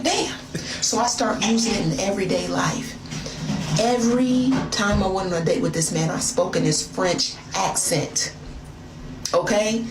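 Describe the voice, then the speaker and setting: A woman's voice: medium pitch, reverberant, very noisy. An American woman telling a wild personal story in a casual, confiding, slangy way. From United States.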